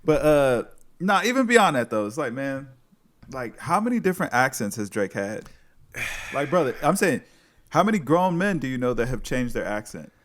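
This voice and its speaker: A man's voice: medium pitch, sing-song, moderate pace, a bit bright. A man co-hosting a podcast in easygoing casual chat, often asking "you know what I'm saying". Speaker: podcast co-host.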